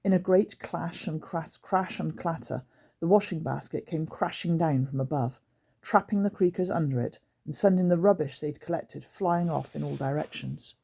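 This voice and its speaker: Husky low-voiced woman reading a storybook. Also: moderate pace, dark tone. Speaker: audiobook narrator. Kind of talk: reading a children's book aloud.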